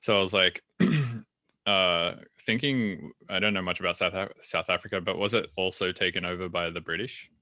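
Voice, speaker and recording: A podcast host talks loosely, swearing and stalling on fillers. His voice sits very low yet has a bright, forceful edge. The sound is close and dry, with no room around it. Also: normal speed, dry recording. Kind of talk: casual chat.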